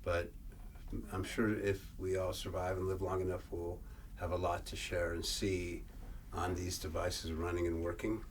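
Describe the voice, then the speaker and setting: A man presenting a workshop, reading old verse aloud and explaining it in a halting way, often repeating and restarting words. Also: low voice, level tone. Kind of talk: lecture reading and explaining scripture. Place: workshop room. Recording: distant mic, faint room noise.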